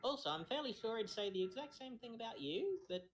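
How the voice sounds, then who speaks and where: A woman's voice: on the high side, animated, a little fast. A woman playing a tabletop game, dropping wry, joking asides. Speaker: player. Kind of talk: casual tabletop play.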